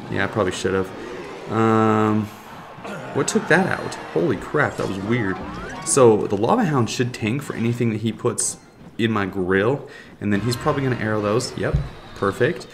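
An adult man narrates his own game matches live, swinging between frustrated groans and gleeful taunts at his opponent. His voice sits in an ordinary middle pitch. A steady hiss of background noise runs under the recording. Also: vocal fry. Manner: excitable, talks to viewers and taunts opponents. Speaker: gaming YouTuber. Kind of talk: live gameplay commentary.

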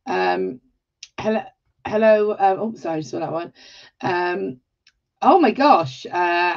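An English woman hosts a live craft stream with warm, chatty talk, greeting viewers by name and exclaiming often. Her voice sits at an ordinary middle pitch. The livestream audio sounds slightly dull. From England. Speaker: host of a live jewellery-making tutorial.

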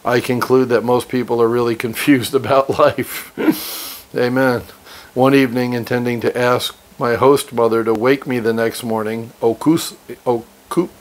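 A man reading a book aloud and breaking off into brash, profane motivational commentary, laughing often. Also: mid-range voice. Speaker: reader and commentator.

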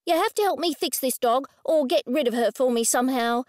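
A woman's voice: high voice, fairly quick, a little mellow, no echo, studio quality, lightly acted. A woman voicing a rude, overbearing middle-aged woman who snaps and demands, in an audiobook. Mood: snappish. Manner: snappish, demanding.

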